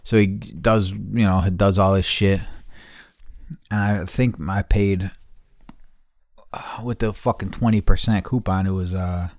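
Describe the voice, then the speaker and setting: A man's voice: sits low, steady tone, unhurried, long pauses, darkish tone, no room sound, studio quality. A man hosting a podcast, telling a long story in casual, rambling fashion and swearing constantly. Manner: rambling, heavy swearing, laughs mid-story. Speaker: podcast host.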